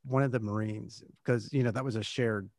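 A man hosting a casual interview, recalling his own training in a relaxed, hedging way. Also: fairly low pitch, a little fast, no room sound, studio quality.

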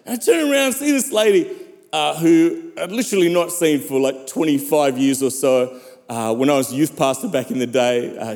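High, lively male preacher in a big hall. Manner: preaching cadence with calls to the congregation. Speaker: pastor. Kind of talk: sermon. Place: large church hall. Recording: reverberant hall.

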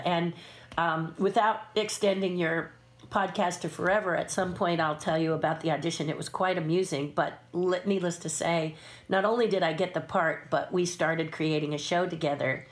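Older lady puppeteer spinning stories, kinda low voice, does little voices for people. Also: moderate pace. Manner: animated storyteller acting out quoted voices. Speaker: guest puppeteer and sculptor. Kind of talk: casual storytelling interview.

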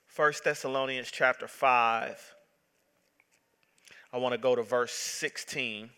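In a church sanctuary, a pastor in his thirties preaches a sermon with impassioned, emphatic repetition. His mid-range voice is clear, resonant, pushed and bright, with fairly even intonation and a slow pace. The recording carries the long reverb of a large hall.

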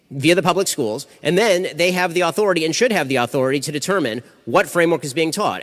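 A man debating audience members in quick, clipped bursts, often restarting his sentences. His speech rushes along, and it carries the long reverb of a large hall. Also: fairly high pitch, fairly bright tone. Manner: fast, clipped, argumentative, frequent restarts. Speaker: speaker answering audience questions. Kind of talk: rapid-fire Q&A debate.

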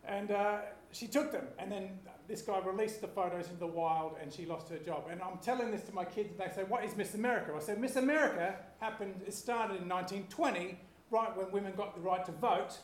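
Forty-something guy rambling through a story, highish voice, echoey room, bit of hiss. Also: a little fast, few pauses. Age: 40s. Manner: rambling, self-deprecating, stops to apologize. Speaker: panellist. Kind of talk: rambling comedic anecdote.

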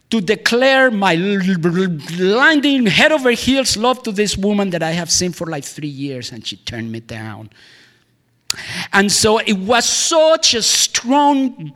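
A man rambling through a heartfelt personal monologue, veering from excited outbursts to hushed, near-whispered lines, with frequent laughs and exclamations. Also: high voice, long reverb tail. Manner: laughs often, sighs and exclaims.

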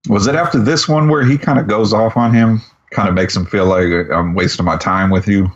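A man's voice: on the low side, fairly even intonation, brisk, highs cut off. A man co-hosting a podcast, adding short comments and questions in casual chat. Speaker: podcast co-host.

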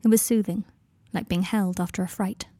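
A woman narrating a fan fiction audiobook in a measured, even storytelling manner. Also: mid-range voice, no room sound, clean studio sound.

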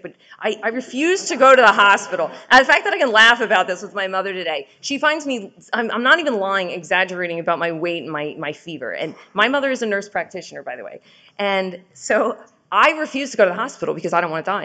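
A woman giving a personal recovery testimony, speaking in a raw, candid way that swings between urgent and hushed. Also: lowish voice. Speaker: speaker sharing her recovery story.

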